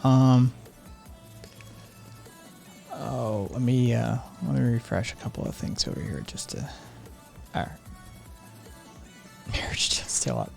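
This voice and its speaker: Soft background music plays as a live stream host reads viewer comments and chats in a soft, sedated way, full of ums and laughs. The mid-range voice carries vocal fry, moves a little slowly and leaves long pauses.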